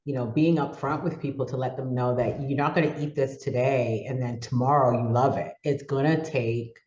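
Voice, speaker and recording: A man's voice: mid-range voice, fairly even intonation, normal speed, a little mellow, reverberant, highs cut off. A male host interviewing a guest in a conversational way, encouraging and affirming throughout. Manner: encouraging, affirming with frequent "yeah". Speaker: podcast host.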